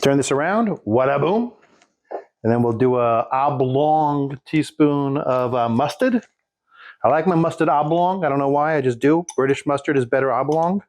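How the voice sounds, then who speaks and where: A man's voice: mid-range voice, moderate pace, a little mellow. A man casually showing a recipe in his home kitchen, rambling with folksy jokes and asides. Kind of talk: casual cooking demonstration.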